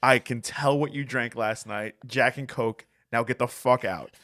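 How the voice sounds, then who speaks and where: A man quoting a stern woman bank manager who scolds slowly and bluntly. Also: lowish voice. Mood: scolding.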